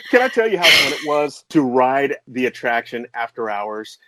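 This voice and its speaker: A middle-aged man from the American Midwest, a composer and voice artist telling a story as an interview guest, excitable and laughing often. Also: moderate pace, heavy background noise. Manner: excitable, laughs often, jumps to high pitch when excited. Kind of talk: animated storytelling in conversation.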